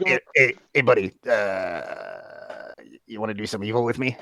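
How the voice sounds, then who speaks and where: A man's voice: fairly low pitch, huge pitch swings, moderate pace, creaky, a crowd in the background, exaggerated voice. A man voicing a pushy sentient guppy keychain, once a sword, who keeps wheedling someone to do evil. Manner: wheedling, pestering, repeats words.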